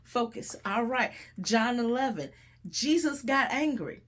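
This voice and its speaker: A middle-aged woman hosting and preaching a sermon-style Bible teaching, animated and conversational with folksy asides and repeated phrases. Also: on the high side, unhurried. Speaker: host and preacher.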